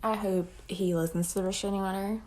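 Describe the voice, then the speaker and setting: A woman's voice: medium pitch, steady tone, a little fast, a little mellow. A young adult woman telling a personal story in a casual vlog, blunt and profane, rambling and acting out what people said. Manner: blunt, profane, rambling retelling with quoted dialogue. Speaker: storytime vlogger.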